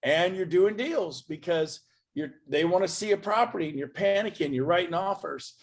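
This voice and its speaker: A man speaking to an event audience as a motivational speaker, emphatic and swinging from loud bursts to quiet asides. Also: high voice, normal speed, slightly rough.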